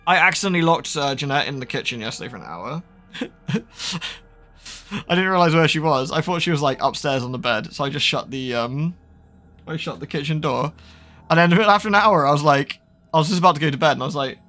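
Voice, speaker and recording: A man with a slightly raised voice rambles through relaxed game commentary. He keeps switching to affectionate baby-talk for his cat. Quiet game music plays underneath. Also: on the high side, a little fast. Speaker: gaming streamer. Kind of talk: casual let's-play commentary.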